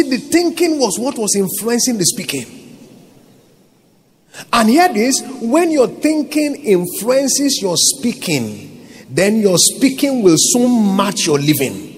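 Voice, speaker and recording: A man's voice: sits high, big pitch swings, slow pace, husky. A Nigerian man, a pastor, preaching a sermon and often asking his congregation rhetorical questions.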